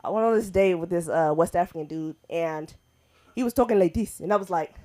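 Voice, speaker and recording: Woman open-mic host, chatty, laughs between bits, mid pitch, club stage. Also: animated, normal speed, darkish tone. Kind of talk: stand-up comedy hosting.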